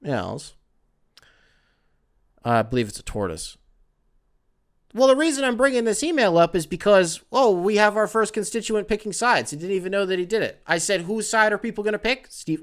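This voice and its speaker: A man's voice: high voice, normal speed. Rambling, profane male podcast host. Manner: loose, profane, rambling with many fillers; gets excitable and louder when worked up. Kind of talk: casual solo podcast storytelling.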